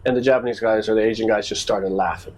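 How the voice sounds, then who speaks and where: Man, casual podcast co-host, husky voice, animated storyteller. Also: lowish voice, quick pace, low-quality recording. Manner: animated storyteller acting out quoted exchanges.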